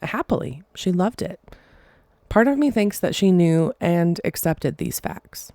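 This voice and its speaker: Choked up with emotion, a woman hosting a podcast stumbles through a casual story, halting and saying sorry for tripping over her words. Her voice is low, mellow, and expressive, with clean, echo-free studio sound.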